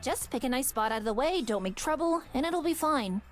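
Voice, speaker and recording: A woman's voice: sits high, expressive, a little fast, faint music behind, voice pushed up. A woman voicing a snappish butch rival. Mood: curt. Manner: curt and snappish.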